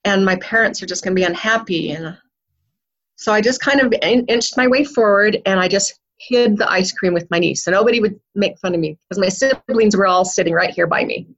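A woman's voice: mid-range voice, normal speed. Middle-aged woman telling a story, lo-fi. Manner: earnest, gets emotional. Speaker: guest. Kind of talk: personal storytelling.

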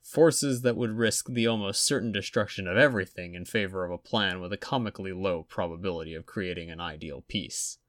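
A man's voice: low-pitched, brisk, few pauses, fairly bright tone, no room sound, studio quality. A man reading a story aloud and voicing a guarded, solemn boy wizard. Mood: grave. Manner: guarded, grave. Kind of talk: audiobook reading.

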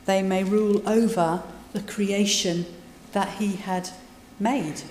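A woman preacher gives a conversational sermon, retelling scripture with asides. Her mid-range, darkish voice is steady and slow, heard from a distance in an echoey hall with slight background noise.

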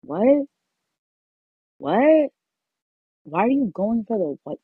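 A woman from New York trades casual talk as a podcast co-host, brash and quick to swear. Her voice is husky and swings widely in pitch, heard close and dry with no room around it. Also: no room sound, phone-quality sound. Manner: brash, profane and excitable. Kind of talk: casual chat.

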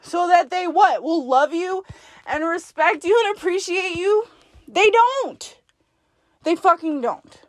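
A woman hosting a podcast, talking to herself in the second person in a blunt, profane, forceful pep talk. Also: extremely high pitch, takes it slowly, no echo. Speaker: podcast host. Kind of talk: self-directed pep talk monologue.

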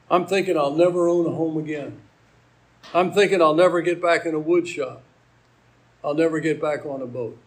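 A man's voice: on the high side, low-quality recording. An older man from Maryland preaching a sermon, telling a personal story and quoting scripture. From Maryland, USA. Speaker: pastor.

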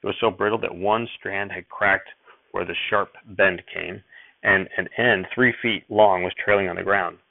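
A man narrating a first-person audiobook chapter in steady storytelling, recorded with tinny phone-like sound. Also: sits low, moderate pace, creaky, dry recording.

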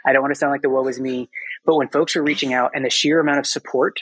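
A man's voice: mid-range voice, fairly even intonation, fast talker, a bit bright, breathy edge, no room sound, low-quality recording. A man who is a podcast guest, talking candidly and reflectively. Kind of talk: podcast interview.

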